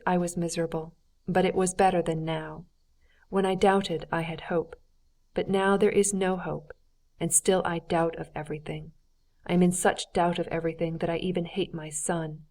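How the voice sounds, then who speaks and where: A woman's voice: on the low side, steady tone, a little mellow, close to an everyday voice. Woman reading a cold, stiff nobleman. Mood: bitter. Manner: measured, formal, coldly restrained. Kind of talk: audiobook character reading.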